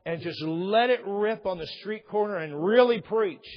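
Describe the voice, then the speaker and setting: A pastor voicing a pushy male street-preaching zealot who talks in a slow, husky voice. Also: sits high, big-room sound, highs cut off, pitched above the performer's own voice. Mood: insistent.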